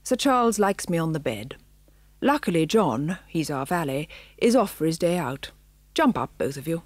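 A woman voicing a kindly old male spaniel who speaks softly and warmly, in an audiobook reading. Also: low-pitched, very animated, moderate pace, dry recording. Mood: fatherly. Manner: soft, fatherly, sometimes whispered.

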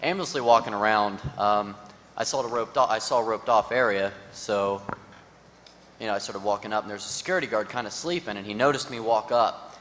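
A man's voice: lowish voice, fairly quick, fairly bright tone. A man on a conference panel telling a casual, rambling anecdote full of fillers. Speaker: panel member. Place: large conference hall, live audience. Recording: large hall with long reverb, faint noise.

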